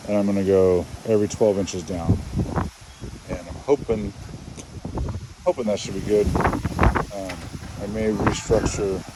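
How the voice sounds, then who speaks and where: A man casually talking through a woodworking project on his homestead, thinking aloud as he goes. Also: sits low. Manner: easygoing, thinking aloud while working. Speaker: homestead vlogger. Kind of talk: casual vlog talk. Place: outdoors on a rural homestead. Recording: loud outdoor background noise.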